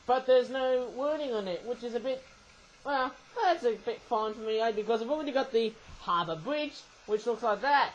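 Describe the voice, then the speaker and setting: A toy reviewer talking through a casual product review in a rambling, chatty way, full of tag questions and the odd burst of loud, excited chanting. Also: mid-range voice, normal speed, low-quality recording.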